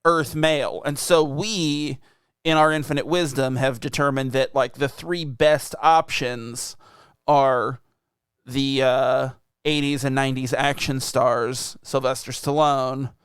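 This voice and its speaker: A man's voice: mid-range voice, steady tone, slow, fairly bright tone, smooth, no room sound, studio quality. A man co-hosting a podcast in casual chat, teasing his co-host and laughing a lot.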